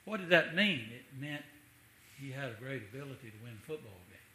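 A man's voice: medium pitch, animated, a little fast, pushed and bright, roomy sound, slight background noise, rough recording. A man preaching a sermon in a conversational way, with rhetorical asides to the congregation.

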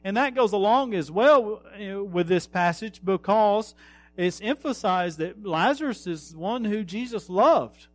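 High-pitched preacher man. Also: animated, no room sound, soft background music. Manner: earnest preaching, slows for emphasis, trails off softly. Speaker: pastor. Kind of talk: sermon.

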